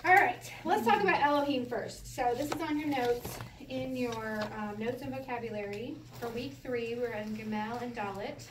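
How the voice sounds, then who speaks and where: A woman with a fairly high voice teaches a Bible Hebrew class in a relaxed way, laughing and asking her listeners questions as she goes. She is heard from some distance in a roomy space, with a faint hiss underneath. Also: moderate pace, hardly any pauses. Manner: lively, laughs often, explains with rhetorical questions. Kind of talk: informal Bible class lesson. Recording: roomy echo from a distance, faint background noise.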